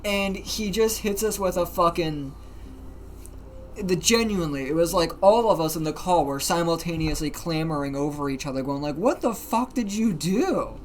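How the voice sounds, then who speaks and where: A livestreamer telling a story in casual, animated talk, swearing often and using plenty of fillers. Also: medium pitch, moderate pace, a little hiss or hum. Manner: animated, profane, many fillers.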